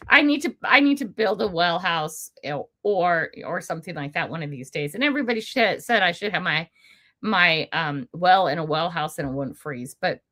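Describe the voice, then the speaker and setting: A woman's voice: mid-range voice, sharp tone. An older woman hosting a casual livestream from home, chatting in a rambling way, laughing often and answering viewer comments. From United States. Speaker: livestream host. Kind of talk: casual live chat with viewers. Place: at home indoors.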